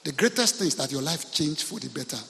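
A man's voice: a little high, lively intonation, quick pace, creaky, pushed and bright, in a large hall. A man with a Nigerian accent, a pastor preaching a sermon in church, telling stories with humor and often asking the congregation questions.

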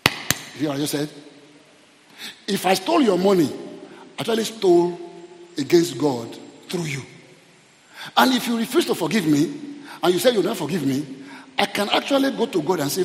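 Animated preaching man in an echoey hall. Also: sits high, moderate pace, long pauses. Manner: animated preaching, pleading with the congregation. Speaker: pastor. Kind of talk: sermon.

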